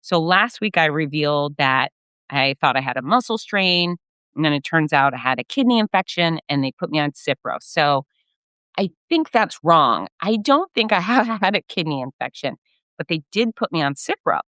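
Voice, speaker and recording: A middle-aged woman hosting her own fitness podcast, telling a personal story in a candid, animated way with some blunt swearing. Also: low voice, normal speed, no room sound. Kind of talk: casual solo storytelling.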